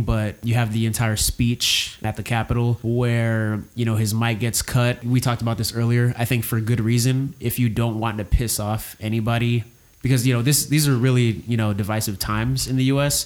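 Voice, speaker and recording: A man talks through a film in a relaxed, opinionated way. His voice sits at an ordinary middle pitch. He circles his points with fillers and restarts. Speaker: podcast co-host discussing a film. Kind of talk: casual discussion.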